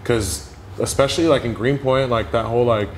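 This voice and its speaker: A young man telling stories in a casual interview, animated and full of "like" fillers. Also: mid-range voice, fairly quick, slight background noise. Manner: animated storyteller, heavy "like" fillers. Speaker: podcast guest.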